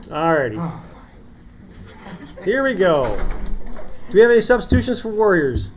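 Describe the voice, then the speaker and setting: A middle-aged quizmaster reading question codes in brisk calls and telling family stories between rounds. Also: mid-range voice, very animated. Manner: brisk procedural calls, then chatty storytelling. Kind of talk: reading quiz prompts and chatting between rounds.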